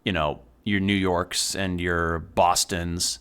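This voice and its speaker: Lower-voiced man swearing through a game stream. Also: flat delivery, slow pace, a bit bright, clear, resonant tone. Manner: rambling, swears often while playing. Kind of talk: casual let's-play commentary.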